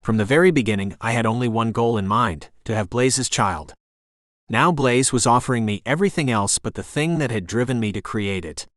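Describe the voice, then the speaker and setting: A man narrating a romance audiobook in the first person, in a measured, introspective way. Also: medium pitch, expressive, no room sound, clean studio sound.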